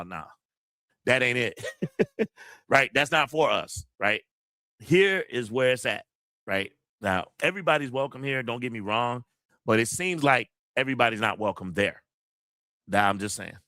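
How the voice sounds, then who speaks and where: A man's voice: fairly low pitch, pushed and bright, no echo, clean studio sound. A man hosting a casual livestream, rambling in slangy talk and repeating his phrases. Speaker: host of a kung fu movie livestream.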